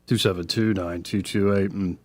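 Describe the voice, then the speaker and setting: Low-voiced Southern man hosting talk radio. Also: no room sound. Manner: relaxed, conversational, reads scripture slowly and deliberately. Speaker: radio talk show host. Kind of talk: talk radio, explaining scripture.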